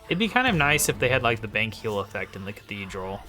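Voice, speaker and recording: A man giving casual, low-key commentary while playing a game late at night, often muttering quiet asides. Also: sing-song, fast talker, music in the background. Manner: mumbles quiet asides, sometimes whispers. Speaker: let's play host.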